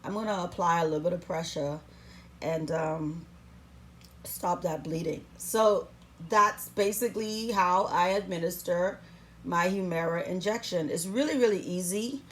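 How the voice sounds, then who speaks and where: A woman's voice: fairly low pitch, unhurried, fairly bright tone, slight background noise. A woman talking through a how-to vlog in a playful, sassy, chatty way, recording herself at home on a camera stand. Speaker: vlogger.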